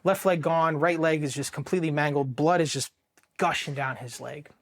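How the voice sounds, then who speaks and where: A Marine veteran from Ohio recounting combat in a raw, profane interview, halting and restarting often, going quiet at the painful parts. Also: male voice, on the high side, steady tone. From Ohio, USA. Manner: emotionally charged, dropping quiet at painful moments. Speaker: Marine veteran telling his war story. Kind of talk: personal interview storytelling.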